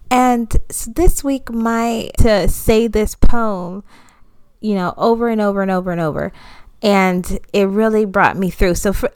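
A woman's voice: mid-range voice, no echo. A woman in her thirties, co-hosting a podcast in casual chat, telling stories with energy and acting out what she said to others. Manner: animated storytelling, acts out her own quotes. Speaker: podcast co-host.

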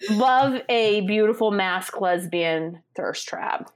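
A woman's voice: mid-range voice, slow pace, noisy background. A woman co-hosting a podcast in casual chat over drinks, chatty and meandering, trailing off and restarting with light laughs. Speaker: podcast co-host.

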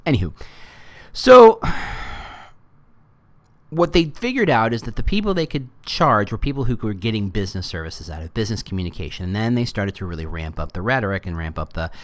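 Here a middle-aged man hosts a laid-back solo podcast in a fairly low voice. He keeps things animated with humorous asides and quick impressions for quoted lines.

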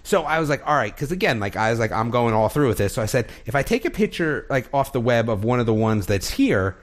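Animated man telling a funny story. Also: mid-range voice, fast talker. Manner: animated storyteller, acts out quoted voices, laughs often. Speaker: podcast guest telling a trip story. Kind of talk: casual podcast chat.

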